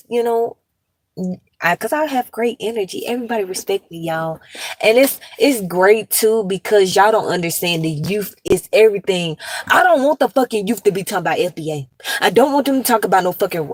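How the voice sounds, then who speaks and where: A woman's voice: medium pitch, dry recording. A young adult woman from the United States giving a blunt, profane, emphatic commentary rant straight into the mic. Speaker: commentary vlogger. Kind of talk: casual ranting commentary.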